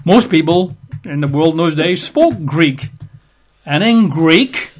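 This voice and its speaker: A man's voice: fairly high pitch, expressive, slow pace, soft background music. A man giving an informal Bible teaching, chatty and wry, spelling out names letter by letter. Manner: conversational, wry asides, spells out words letter by letter.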